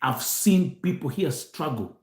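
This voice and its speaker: A man's voice: a little high, lively intonation, measured pace, darkish tone, echoey room. A man from Kenya hosting a show, talking animatedly to viewers and switching between Swahili and English, often repeating himself. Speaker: host. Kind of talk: live show monologue to viewers.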